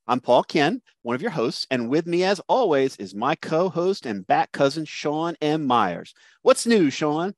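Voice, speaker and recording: A man hosting a podcast, friendly and quick to laugh. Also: fairly high pitch, very animated, dry recording. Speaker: podcast host.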